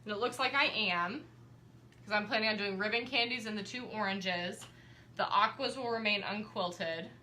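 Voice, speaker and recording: In an echoey room with slight background noise, a young woman teaching quilting talks her viewers through a live stream in a chatty, friendly manner, addressing them directly. She has a mid-range voice, bright and forceful, and keeps a moderate pace.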